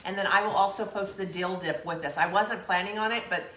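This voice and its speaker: A woman's voice: mid-range voice, steady tone, a little fast, a bit bright, echoey room, slight background noise. A woman hosting a casual live-stream recipe chat from a home kitchen, talking while she eats. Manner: chatty, talks while eating. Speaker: cooking show co-host.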